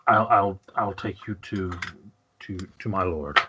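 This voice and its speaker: A jittery male guard who stumbles over every word, as a game master puts him on. His voice stays hushed and a touch low, the stammer constant. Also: a little slow, dull audio, heavy background noise. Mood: nervous. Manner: stammering, hesitant.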